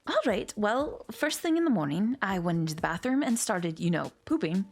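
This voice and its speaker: A woman's voice: medium pitch, big pitch swings, moderate pace, breathy edge. A woman voicing a fussy, dramatic dog housewife with a put-on German accent. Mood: gushing.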